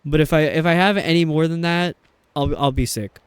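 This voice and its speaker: A man with a New York accent rambles casually while he streams a game. His voice sits a little high and sounds smooth and clear, recorded close and dry. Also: normal speed, dry recording. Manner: rambling, chatty. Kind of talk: casual chat while gaming.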